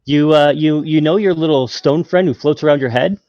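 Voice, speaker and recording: A man's voice: on the high side, brisk, darkish tone, no room sound, muffled recording. A man narrating a tabletop game as game master, in a hesitant way with many fillers.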